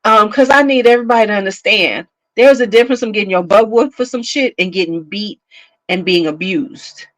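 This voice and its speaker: A woman hosting a casual chat to camera, telling stories in an animated, profane way, laughing often and acting out scenes. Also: medium pitch, fairly quick, no echo, poor audio. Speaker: beauty channel host.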